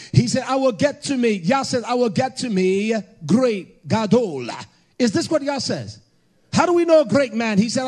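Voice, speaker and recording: A man preaching a fiery sermon to a congregation, hollering and emphatic, with bursts of shouting. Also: very high voice.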